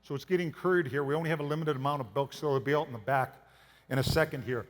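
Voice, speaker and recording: A man's voice: on the high side, fast. Canadian man telling stories in a hall. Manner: folksy storytelling, asks audience questions. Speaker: motivational speaker. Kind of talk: keynote talk to an audience.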